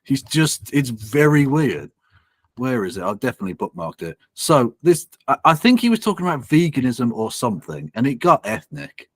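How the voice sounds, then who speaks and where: A man's voice: mid-range voice, very animated, moderate pace, no echo, clean studio sound. Sweary sardonic man streaming. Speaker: streamer reacting to a video. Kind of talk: casual livestream chat.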